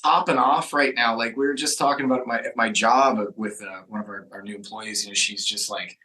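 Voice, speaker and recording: A man guesting on a podcast, his voice bright and forward. He talks in loose, rambling chat and often restarts his thoughts, sounding easygoing. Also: lowish voice, steady tone, fairly quick, few pauses, slight background noise, rough recording. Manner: rambling, many restarts and fillers. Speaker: band member guest. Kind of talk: casual chat.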